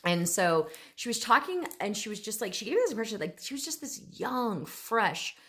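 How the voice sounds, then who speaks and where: A woman's voice: mid-range voice, big pitch swings, normal speed, fairly bright tone. A woman who works as an animal communicator, telling a story in a casual, chatty way with lots of fillers and plenty of enthusiasm.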